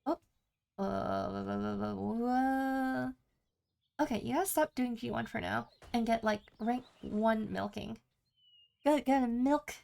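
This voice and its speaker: Casual gaming talk comes from a woman who reads messages from chat and lists her possible moves. Her voice sits fairly high with creakiness, and she talks slowly with long pauses.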